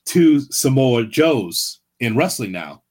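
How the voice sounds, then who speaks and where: A man's voice: mid-range voice, sing-song, slow, a little mellow. A man co-hosting a wrestling podcast in casual chat, giving blunt, opinionated takes. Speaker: podcast co-host.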